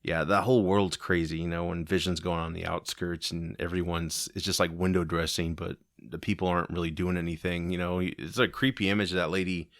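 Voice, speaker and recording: A man co-hosting a podcast, chatting casually and agreeably, acting out quotes with sudden jumps in pitch. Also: little pitch movement, a little fast, few pauses, no echo, studio quality. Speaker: podcast co-host. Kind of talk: casual chat.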